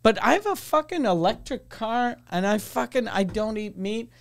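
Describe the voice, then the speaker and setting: A man's voice: sits high, lively intonation, moderate pace, vocal fry. A man hosting a podcast, telling stories in a blunt, sweary, casual way. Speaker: podcast host.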